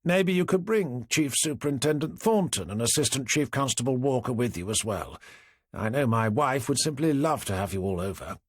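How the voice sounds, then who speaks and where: A man's voice: medium pitch, lively intonation, normal speed, dry recording, clean studio sound, lightly acted. A man voicing a smug, smirking politician who is a villain, speaking with false politeness in an audiobook reading. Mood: smirking, sly.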